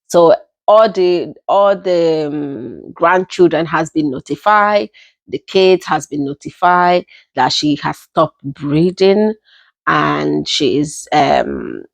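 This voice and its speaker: A young woman with a Nigerian accent telling a personal story in an unhurried, casual way, often repeating herself as she goes. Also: low-pitched, very animated, vocal fry, no room sound. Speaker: storytelling vlogger.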